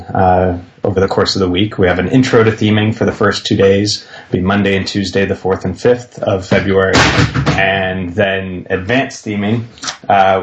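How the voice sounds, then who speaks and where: A man with a low voice makes upbeat announcements on a casual podcast. He pauses often on fillers as he goes. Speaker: podcast regular.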